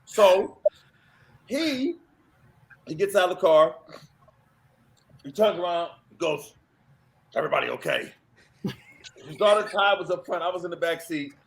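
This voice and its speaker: A man guest on a podcast, telling a lively, profane story and acting out other people's lines. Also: high voice, unhurried, pauses often, slight background noise. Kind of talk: animated anecdote on a podcast.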